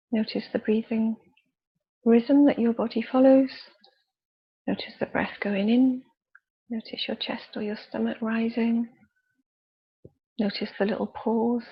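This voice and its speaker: A woman leading a guided body scan meditation with slow, soft, calm instructions and pauses. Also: fairly high pitch, vocal fry, breathy edge, highs cut off. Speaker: youth worker leading a relaxation exercise.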